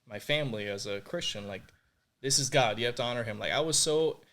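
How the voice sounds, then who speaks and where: A young man tells his faith testimony on a podcast, earnest and openly emotional. He leans on filler words as he goes, speaking at an average pitch. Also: brisk, bright, forceful tone. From Puerto Rico. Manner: earnest, emotional, many fillers like "like" and "you know". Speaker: podcast guest.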